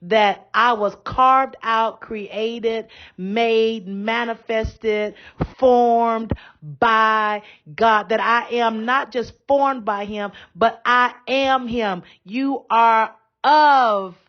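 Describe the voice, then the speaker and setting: A woman's voice: fairly high pitch, fairly even intonation, extremely slow, muffled recording. A woman bishop giving a podcast sermon in a conversational, down-to-earth way.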